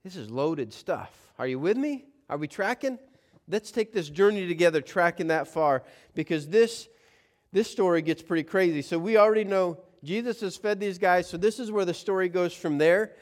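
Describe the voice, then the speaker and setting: A man preaching a sermon, lively and playful, acting out the story with funny voices. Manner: animated, acts out scenes with playful voices; reads scripture aloud in a slower, lower tone. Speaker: pastor.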